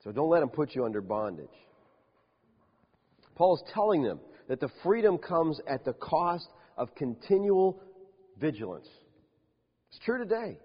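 Husky-voiced man preaching a lively sermon. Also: fairly high pitch, a little slow, long pauses, long reverb tail, lo-fi sound. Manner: emphatic preaching, swinging between loud declarations and quiet asides. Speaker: pastor.

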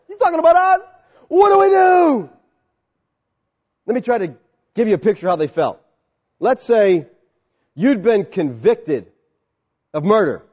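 Male pastor, high voice, lively sermon delivery; dull recording with a long hall echo. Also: breathy edge. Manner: animated preaching, acts out crowd voices; soft, quiet prayer.

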